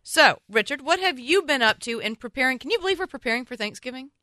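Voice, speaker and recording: Southern woman radio host, teasing, bright-toned, dry studio. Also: high-pitched, animated, fast, no room sound. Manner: joking, teasing. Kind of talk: chatty radio talk.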